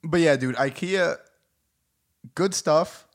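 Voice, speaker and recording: A young man talks in a slightly high register, co-hosting a loose podcast chat. He swears freely, and he ranks and riffs with an animated, laughing energy. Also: slow pace. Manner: animated, profane, laughs often. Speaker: podcast co-host. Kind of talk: casual chat.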